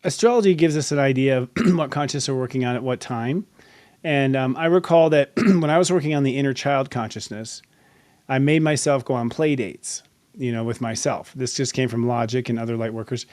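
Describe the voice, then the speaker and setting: A man's voice: medium pitch, fairly quick, darkish tone, dry recording. Thoughtful male show host, dry sound. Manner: affirming, thoughtful, frequent fillers. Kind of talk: interview chat.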